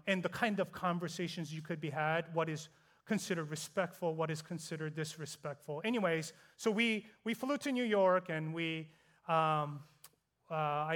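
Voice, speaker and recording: A man's voice: a little high, a bit bright. A male pastor telling a personal story in a sermon, chatty and self-deprecating, building to fervent preaching.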